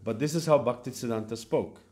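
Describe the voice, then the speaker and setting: A man giving a devotional lecture at a temple, speaking in a halting way with fillers and restarts. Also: mid-range voice, a little mellow. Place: temple hall.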